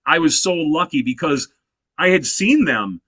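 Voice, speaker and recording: A man's voice: a little high, lively intonation, measured pace, a bit bright, no echo. A man in his fifties, a guest musician in a casual interview, telling stories animatedly and leaning on "you know" fillers. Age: 50s.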